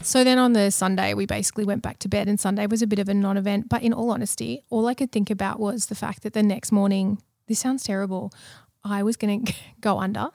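A woman with a gravelly, creaky edge to her voice tells a personal story in relaxed, chatty conversation. She is animated and self-deprecating and laughs at herself often. The sound is close and dry. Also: medium pitch, quick pace, no room sound.

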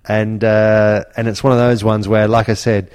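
Man, low voice, ex-footballer spinning yarns on a podcast. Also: level tone, moderate pace, a little mellow, clean tone. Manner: anecdotal, acts out quotes with raised voice. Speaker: former footballer, podcast co-host. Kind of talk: casual storytelling chat.

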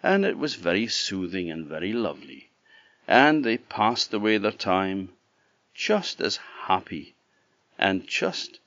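Slow, deep storyteller man. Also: no room sound. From Orkney Islands. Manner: animated, conversational telling with asides to the listener. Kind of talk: traditional oral storytelling. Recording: dull, dry lo-fi recording.

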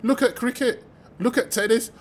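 A British man, a mathematician guest, telling stories with lively energy, acting out the voices of people he quotes and laughing as he goes. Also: very high-pitched, moderate pace. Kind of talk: animated storytelling in conversation.

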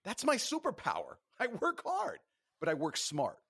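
A man's voice: sits high, wildly swooping pitch, normal speed, creaky, sharp tone, slightly rough, dry recording, clean studio sound. A man speaking as an interview guest, in an emphatic, motivational way. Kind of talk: casual interview talk.

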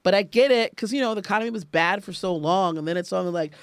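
Brief: American woman host, quick and salty storyteller, dry close sound. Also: medium pitch, clean tone, no echo. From United States. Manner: blunt and profane, fast storytelling. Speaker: podcast host. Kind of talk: casual chat.

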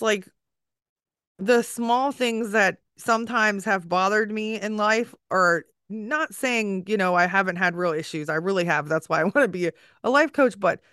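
A tearful woman host speaks in a smooth, clear voice in a dry, close-sounding space. She rambles emotionally, leaning on fillers as she talks. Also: medium pitch, fairly bright tone, dry recording. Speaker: podcast host. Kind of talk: casual conversation.

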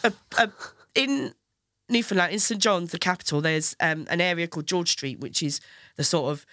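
Bright-voiced chatty woman, dry studio sound. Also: lowish voice, moderate pace, no echo. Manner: chatty, laughs often, restarts. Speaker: comedian guest. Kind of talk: casual chat.

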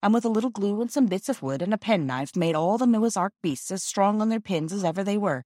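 A woman with a medium-pitched voice narrates a classic children's book, delivering the scripted text in a measured and expressive way. The studio-quality recording is free of any room sound.

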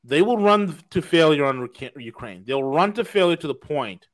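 A man's voice: a little high, lively intonation, normal speed. A man from the United States co-hosting a podcast, giving blunt, emphatic political commentary and repeating his key phrases for effect. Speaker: podcast co-host.

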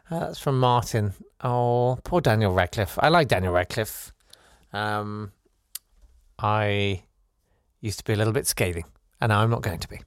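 A man hosting a podcast, chatting casually in a wry, rambling, gently self-mocking way as he reads out and answers listener messages. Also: lowish voice, normal speed, smooth, no echo, clean studio sound. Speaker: podcast host.

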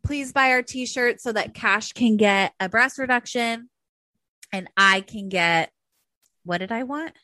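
A woman's voice: fairly high pitch, measured pace, no echo. Swearing, chatty young woman podcaster. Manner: animated, swears freely. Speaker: podcast co-host. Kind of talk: casual chat.

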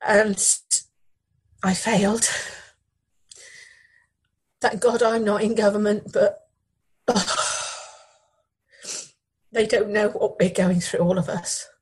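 A middle-aged woman, a bereaved widow, speaking in an interview in a halting, grieving way and repeating her words. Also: medium pitch, little pitch movement, breathy edge, poor audio. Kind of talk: emotional news interview.

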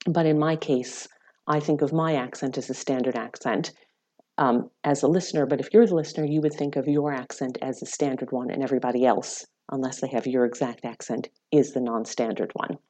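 A woman psychology lecturer, a podcast guest, explaining her research in a measured, explanatory way. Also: rumbling low, steady tone, warm tone. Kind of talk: academic podcast interview.

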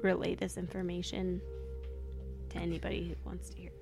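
A woman's voice: lowish voice, completely flat delivery, brisk, creaky, darkish tone, soft background music. A woman playing a tabletop game, talking through her character's actions in a hesitant, giggly way. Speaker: player.

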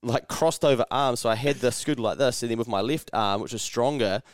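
A New Zealand man in casual podcast chat who swears freely and slips into other people's voices mid-story. His voice is smooth and resonant, recorded close and dry. He talks at an everyday pitch. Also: fairly quick, no echo. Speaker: podcast co-host.

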